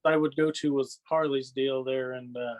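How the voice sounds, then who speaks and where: A man's voice: mid-range voice, steady tone, moderate pace. A man guesting on a podcast, rambling through stories in casual chat, often adding "you know what I mean" and laughing. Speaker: podcast guest, wrestling fan.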